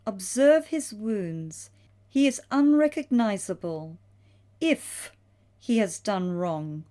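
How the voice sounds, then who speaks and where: A woman's voice: fairly high pitch, mellow. A woman voicing a Roman governor who presents a prisoner to a crowd in a devotional reading, declaiming solemnly. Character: Roman governor, a man, showing the condemned.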